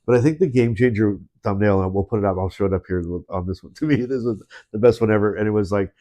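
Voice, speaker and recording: A man with a low, mellow voice co-hosts a podcast in relaxed, casual conversation. He rambles, restarts his sentences and chuckles along as he tells his stories. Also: quick pace. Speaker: podcast co-host. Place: indoors, in-person studio.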